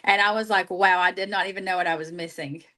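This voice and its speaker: A woman's voice: lowish voice, fairly even intonation, fast talker, pushed and bright. Heartfelt, tender woman telling stories. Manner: heartfelt, emotional, storytelling. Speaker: team leader, guest. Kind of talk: casual livestream chat.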